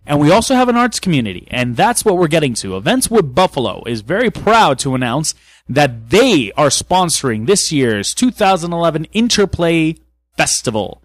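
A man from Canada co-hosting a casual podcast, with a monotone, rambling manner. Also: a little high, normal speed, dry recording. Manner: rambling, hesitant, with fillers and laughs. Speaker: podcast co-host.

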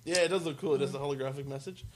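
A man hosting a casual movie podcast, blunt and excitable, swearing often. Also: mid-range voice, racing, slight background noise. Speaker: podcast host. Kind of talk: casual chat.

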